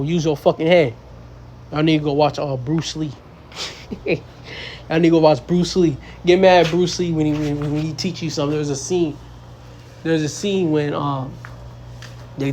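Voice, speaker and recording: Here a young street preacher, his voice fairly high and darkish, quotes verses in a casual, profane, blunt style. He imitates foolish people in mocking voices, and a little hiss or hum sits under the audio.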